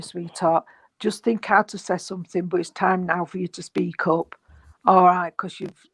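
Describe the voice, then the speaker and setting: A spiritualist medium giving a gentle, reassuring reading, rambling and repeating, with many fillers. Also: medium pitch, no room sound, low-quality recording. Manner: gentle, reassuring, calls the sitter sweetheart and darling. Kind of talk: mediumship reading at an online service.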